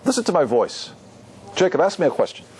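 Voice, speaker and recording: Lively rabbi teaching a class. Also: male voice, fairly high pitch, a little fast, background noise. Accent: Ashkenazi Hebrew pronunciation. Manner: lively teaching, asks the audience questions. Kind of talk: Torah class.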